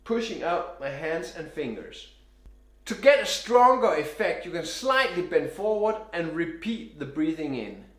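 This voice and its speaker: A man teaching saxophone breathing and tone, giving calm step-by-step instructions while he demonstrates each exercise himself. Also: fairly high pitch, measured pace. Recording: roomy echo.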